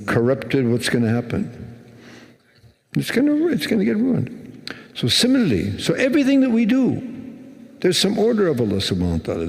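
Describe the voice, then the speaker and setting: A man's voice: on the high side, creaky. A male Islamic preacher giving a sermon in a conversational way, asking his listeners questions. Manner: conversational, asks the audience questions. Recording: long hall reverb.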